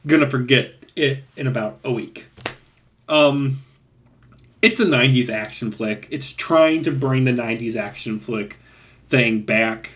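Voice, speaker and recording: A man's voice: medium pitch, a bit bright. A man giving a casual, rambling spoken movie review with a chatty, laughing manner. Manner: rambling, chatty, laughs at his own points.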